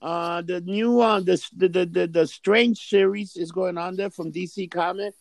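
A man's voice: high-pitched, steady tone, moderate pace, gravelly, no echo. A man in casual chat, rambling and swearing with lots of fillers. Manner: laid-back, profane, rambling with fillers.

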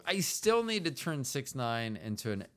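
A man from the United States co-hosting a relaxed couple's podcast. His voice is smooth and resonant, and his pitch rises and falls with a lively, animated bounce. He rambles freely, restarting and trailing off mid-thought. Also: normal speed. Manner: rambling, meandering, trails off often. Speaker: podcast co-host. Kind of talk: casual chat.

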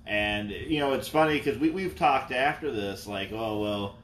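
A man's voice: medium pitch, animated, moderate pace, a bit bright. Blunt, profane man, roomy room. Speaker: podcast co-host. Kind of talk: casual chat. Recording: roomy room with clear background hum.

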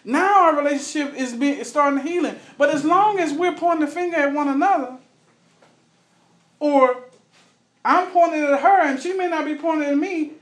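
A high-pitched man leads a Bible study in an earnest, conversational tone. He often turns to the group with questions. The recording has an echoey room sound. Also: normal speed, a bit bright.

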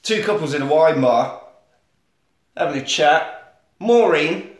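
A man's voice: fairly high pitch, animated, slow, heavy reverb. A man co-hosting a podcast, recapping a film in a jokey, sweary way. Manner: jokey, sweary recapping, slips into silly voices. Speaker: podcast co-host. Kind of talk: casual film podcast chat.

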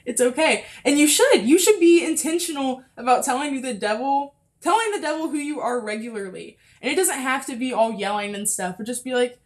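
A woman's voice: a little high, moderate pace. A young woman hosting a casual faith podcast, chatty and full of fillers, a little out of breath close to the mic. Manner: chatty, frequent fillers and laughs. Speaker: podcast host.

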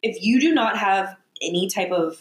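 A woman's voice: mid-range voice, moderate pace. A young woman co-hosting a podcast, frank and indignant in casual chat, swearing now and then. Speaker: podcast co-host. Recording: roomy echo.

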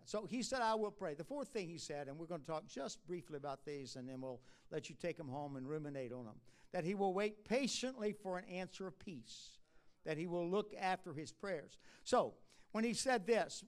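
A man with a high voice preaches at a prayer conference, shifting from quiet musing to loud, impassioned exhortation.

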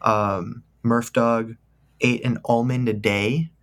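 A man's voice: medium pitch, level tone, takes it slowly, fairly bright tone. A young man co-hosting a podcast, talking casually in a joking, rambling, enthusiastic way. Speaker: podcast co-host. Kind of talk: casual chat.

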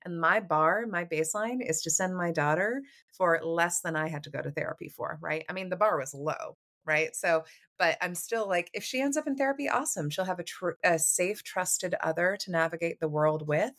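A woman therapist, a guest on a podcast, explaining ideas in a measured way and often checking in with "right?". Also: fairly low pitch, a bit bright. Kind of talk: podcast conversation.

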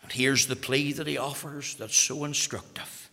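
A Northern Irish man preaching a sermon, impassioned and moving from loud urgency to hushed intensity. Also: mid-range voice, steady tone, moderate pace, few pauses, big-room sound.

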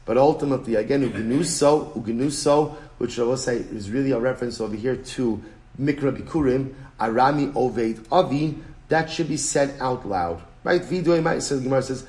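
A rabbi gives a Talmud class in a mid-pitched man's voice. He talks with energy and stresses points by repeating them. His English is full of Hebrew and Aramaic terms. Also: a little fast. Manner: animated, emphatic, repeats phrases, switches between English and Hebrew-Aramaic terms. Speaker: rabbi teaching daily Talmud page. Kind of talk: Talmud lecture.

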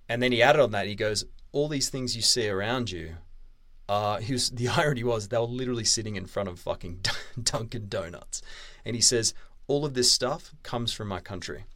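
A man's voice: lowish voice, a bit bright, no echo. A man hosting a podcast, giving blunt, emphatic dating-coaching advice with frequent swearing. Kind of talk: casual coaching monologue.

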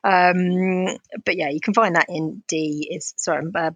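A woman's voice: on the low side, fairly even intonation, unhurried, slightly rough, dry recording, highs cut off. A woman co-hosting a podcast, talking in an easygoing, wry way about music. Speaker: podcast co-host. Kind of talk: casual chat about music.

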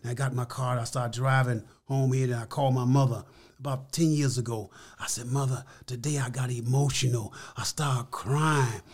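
A man's voice: medium pitch, steady tone, normal speed, darkish tone. An older man, a podcast guest, telling stories in an emphatic, folksy way and repeating his phrases. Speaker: interview guest. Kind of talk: casual storytelling.

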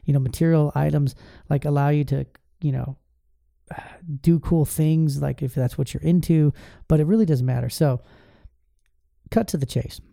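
A man in his forties, a podcast host, candidly telling an emotional personal story about his family, halting and restarting as he goes. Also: fairly high pitch, gravelly, mellow, dry recording, studio quality.

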